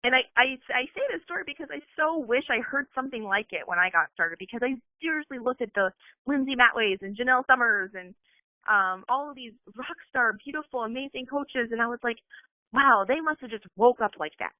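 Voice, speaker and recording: A woman with a fairly high, expressive voice rallies her team as a coach over a conference call, the phone line tinny and dry with no room sound. She speaks earnestly and fast, peppering her talk with "like."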